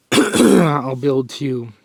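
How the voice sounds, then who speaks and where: A man's voice: mid-range voice, animated, drawn-out words, darkish tone, no room sound. Breathless rambling man vlogging. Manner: rambling, self-correcting, sighs and clears throat. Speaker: fitness vlogger. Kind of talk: casual vlog talk.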